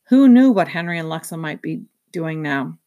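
A woman reading a children's novel aloud, in a steady storytelling manner. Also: low-pitched, moderate pace, dull audio. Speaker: reader. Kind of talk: children's book read-aloud.

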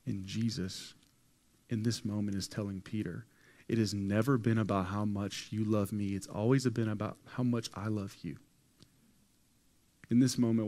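A man preaches a sermon with a low-pitched voice. He tells the story in a lively, casual way, using slang and acting out what people say to his congregation in a church hall. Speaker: pastor.

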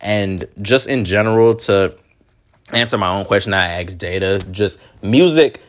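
A man's voice: lowish voice, a little slow. A young man hosting a podcast, talking in a loose, meandering, conversational way. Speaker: podcast host. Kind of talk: casual podcast chat.

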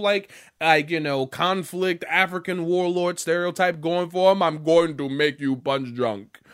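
A man's voice: high-pitched, a bit bright. A young man ranting casually as a gaming vlogger, rambling and profane.

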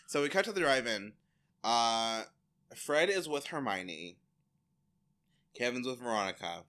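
A man co-hosting a podcast, recapping a TV episode in casual chat, animated and laughing, acting out the characters in silly voices. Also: medium pitch, unhurried. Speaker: podcast co-host.

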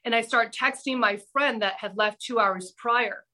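Podcast guest, woman, middle-aged, higher-pitched, ex-reporter, lively breathless storyteller. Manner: animated, breathless anecdote-telling with dramatic pauses. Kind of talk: casual storytelling.

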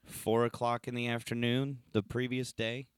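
A man co-hosting a podcast in casual banter, wry and teasing, tossing in quick questions. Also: mid-range voice, flat delivery, clean tone, no echo. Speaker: podcast co-host.

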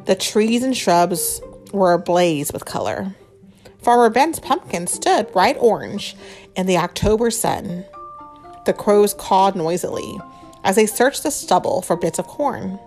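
A woman's voice: mid-range voice, expressive, a little slow, darkish tone, soft background music. A woman reading a storybook aloud to children and asking them questions between pages. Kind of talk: bedtime-style storybook reading with chat.

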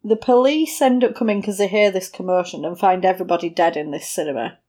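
Woman, casual film-chat co-host, lively retelling voice. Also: on the low side. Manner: chatty, retells scenes with quick voiced quotes. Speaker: podcast co-host.

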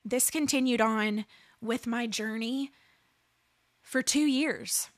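A woman's voice: a little high, takes it slowly, dry recording. A woman in her thirties giving an earnest preaching testimony, building emphasis through repeated phrases. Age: 30s. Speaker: speaker sharing a faith testimony.

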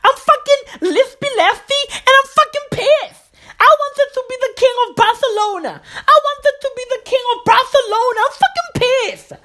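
A woman putting on a very high voice for a bitter, lisping man who keeps whining about being angry. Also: animated, moderate pace, pushed and bright, heavily acted. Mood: pissed whining. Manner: whiny, repetitive complaining. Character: squeaky furious lisping man, bitter and whiny.

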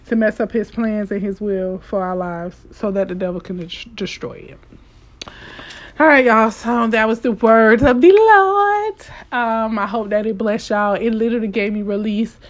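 A woman with a fairly high voice delivers an informal devotional message straight to her listeners. She presses her points with emphasis and says them more than once, calling out to her audience. She moves between fervent bursts and soft, quiet asides. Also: normal speed. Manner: emphatic and repetitive, addressing listeners directly. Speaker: devotional speaker.

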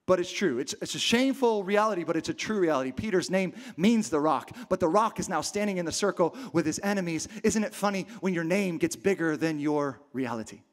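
A man's voice: sits high, animated, brisk, few pauses. A man preaching a dramatic sermon to a congregation, acting out the story in different voices and building to passionate peaks. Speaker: pastor. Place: church hall with a live congregation.

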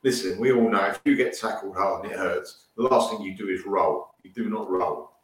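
A man with a lowish voice airs strong football opinions with indignation. He sits far from the mic, and his voice rings in a strongly echoing room. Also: moderate pace. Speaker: podcast panelist. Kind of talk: casual chat. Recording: distant echoey mic.

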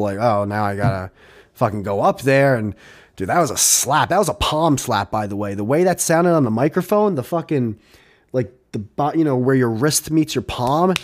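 A young man hosting a podcast, chatting casually in a rambling, animated way, swearing and laughing often. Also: mid-range voice. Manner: rambling, animated, swears a lot, laughs often, does mocking voices in quotes. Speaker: podcast host.

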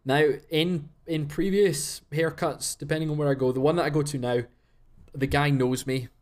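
A man's voice: a little high, steady tone, moderate pace, darkish tone. A young man co-hosting a podcast, chatting casually and acting out quoted exchanges as he tells stories. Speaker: podcast co-host. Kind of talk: casual chat.

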